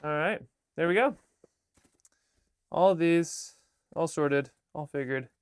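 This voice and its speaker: A man, an artist and filmmaker, chatting casually in a vlog, halting and restarting his sentences and often dropping to a murmur. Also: a little high, smooth. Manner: halting, with many restarts and fillers.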